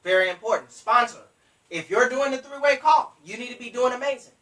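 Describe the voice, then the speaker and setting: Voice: medium pitch, lively intonation, fairly quick, fairly bright tone, echoey room, far from the mic, low-quality recording. A business trainer giving motivational sales coaching. They talk emphatically, repeat their points, and speak straight to the listeners.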